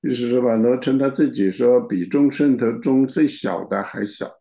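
Male interpreter, mellow dark voice, steady filler-laden delivery, muffled recording. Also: medium pitch, moderate pace, creaky. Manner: steady, with frequent filler particles. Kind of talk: interpreting a sermon. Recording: dull, echoey room recording.

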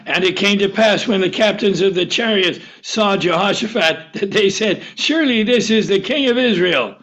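A man's voice: sits high, a bit bright. A man teaching a Bible lesson, asking the group questions and chuckling often. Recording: dull lo-fi recording.

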